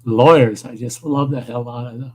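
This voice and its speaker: A man's voice: mid-range voice, moderate pace, a little hiss or hum, rough recording. A man hosting a casual livestream, telling rambling, profane stories about food and fishing. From northern Wisconsin. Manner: profane, rambling, animated storyteller. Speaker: livestream host. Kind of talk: casual storytelling chat.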